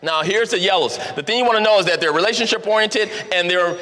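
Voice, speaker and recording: A man with a high, bright voice works the room with an energetic, joking motivational seminar talk. He repeats key phrases for emphasis. His voice rings out with the long reverb of a large event hall. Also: fast talker. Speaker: seminar speaker.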